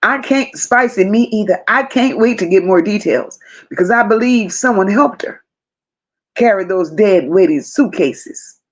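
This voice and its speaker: A woman hosting a live stream reads comments from her chat in a mid-range voice with lively intonation, speaking a little slowly. She repeats phrases emphatically and chats to viewers by name.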